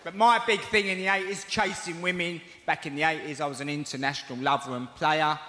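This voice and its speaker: A man with a Cockney accent doing stand-up, telling animated stories and acting out voices, on a theatre stage mic. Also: a little high, fairly quick. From East End of London. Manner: animated storytelling with acted-out voices. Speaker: stand-up comedian. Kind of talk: stand-up comedy. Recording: echoey theatre, loud noise. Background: audience laughter.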